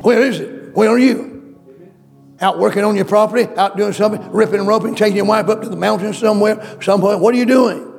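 Faint music plays behind a male preacher whose high, gravelly voice moves fast. He delivers an emphatic, repetitive sermon in a church, firing questions at the congregation.

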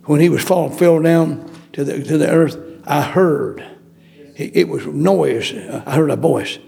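A man preaching with a high, gravelly voice. He repeats his phrases, stumbles through restarts and leans hard on each point as he builds. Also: a little slow, mellow. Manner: repetitive, emphatic preaching with stammered restarts. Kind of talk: sermon.

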